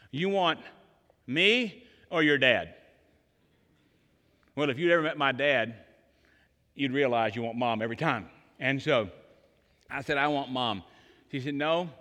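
A man in his sixties preaching an Easter sermon, telling stories and swinging between loud emphatic lines and hushed ones, in a large church. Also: a little high. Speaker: pastor. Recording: long hall reverb.

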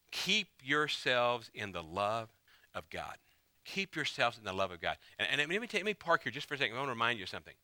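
A male pastor preaching with a very bright, forceful edge to his voice. He leans hard on key phrases and repeats them for emphasis. The sound is close and dry, with no room echo. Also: medium pitch. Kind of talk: sermon.

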